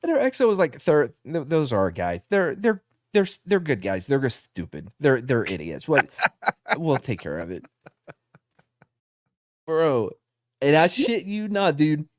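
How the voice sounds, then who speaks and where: A man in the middle of a rambling story, his pitch swinging up and down as he puts on other people's voices and laughs at his own punchlines. His voice is recorded close and dry, with no room sound. He swears freely and keeps the tone loose and conversational. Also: unhurried, pauses often, no room sound. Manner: animated storyteller, acts out voices, laughs often. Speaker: podcast co-host, veteran. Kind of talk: casual storytelling with profanity.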